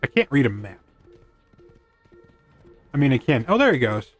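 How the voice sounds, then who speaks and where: A man streams a game and rambles casually, joking at his own expense and talking to his in-game horse. His medium-pitched voice swings widely in pitch at a normal speed, with faint music behind.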